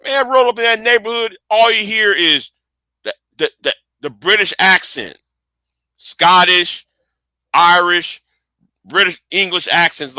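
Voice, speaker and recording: A man's voice: high voice, lively intonation, a little slow, pushed and bright, clear, resonant tone, dry recording. A man chatting casually on his live stream, rambling and profane, often repeating words while he thinks.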